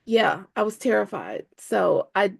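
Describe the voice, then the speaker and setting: A woman co-hosting a casual book club chat, expressive and playful with quick quips. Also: medium pitch, gravelly, breathy edge.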